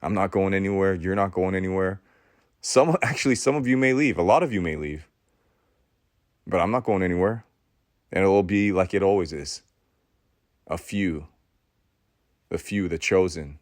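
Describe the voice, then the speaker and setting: A man with a very low voice delivers an intense, preachy monologue, hammering words by repeating them. He lurches from loud bursts down to hushed murmurs. The sound is close and dry, with no room echo. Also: fairly even intonation, moderate pace, long pauses. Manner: swings between loud outbursts and hushed, low passages. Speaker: podcast host. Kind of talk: impassioned spoken monologue.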